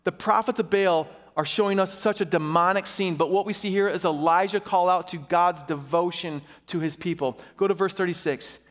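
A male pastor preaching an impassioned sermon in a church sanctuary, swinging between urgent and slow, emphatic delivery. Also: high voice. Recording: reverberant hall.

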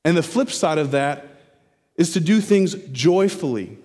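A male pastor preaching an expository sermon, repeating key phrases slowly for emphasis. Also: on the high side, lively intonation, darkish tone. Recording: preaching in a hall with long reverb.

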